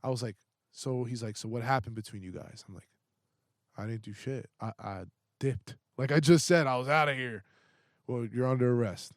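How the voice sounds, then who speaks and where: A young man, a podcast guest, telling a story in a casual, animated way, with heavy swearing and lots of fillers. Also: medium pitch, normal speed, dry recording, clean studio sound.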